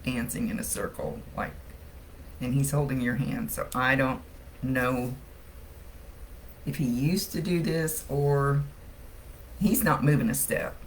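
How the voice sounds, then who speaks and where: Here a psychic medium gives a live-streamed reading as easygoing chat, with frequent laughter. She speaks at an extremely low pitch, gravelly with fry, and a faint noise runs beneath her.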